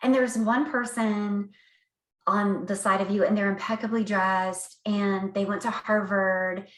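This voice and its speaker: Animated woman rambling through a story, laughs a lot, roomy echo. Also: medium pitch, measured pace. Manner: animated, laughs often, many fillers. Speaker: author guest. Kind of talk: casual storytelling interview. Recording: echoey room.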